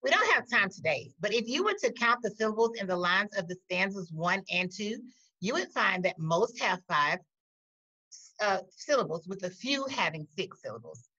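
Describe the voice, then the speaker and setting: A woman teacher giving a recorded poetry lesson, talking slowly and deliberately and pausing to question the class. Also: medium pitch, very animated, sharp tone, husky. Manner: slow, deliberate, with pauses. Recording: dull lo-fi audio.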